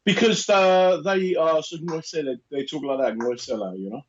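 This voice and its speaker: A man who does stand-up, co-hosting a podcast with wry, teasing, deadpan humour. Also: a little high, moderate pace, dull audio, a little hiss or hum. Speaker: comedian and podcast co-host. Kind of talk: casual chat.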